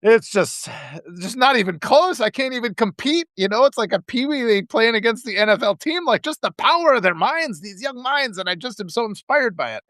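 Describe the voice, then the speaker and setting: A middle-aged man hosting a casual live stream, talking in a rambling, animated way with many restarts and laughs. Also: extremely high pitch, a little fast, no echo, studio quality. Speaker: author and live-stream host.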